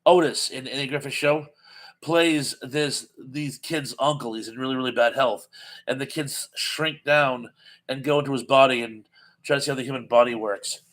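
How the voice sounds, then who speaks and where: A man hosting a live chat, reading out viewer comments and answering them in a casual, chatty way with many pauses and fillers. He is losing his voice. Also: medium pitch, steady tone, fairly bright tone. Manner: reads viewer comments aloud and responds, chatty with frequent "uh".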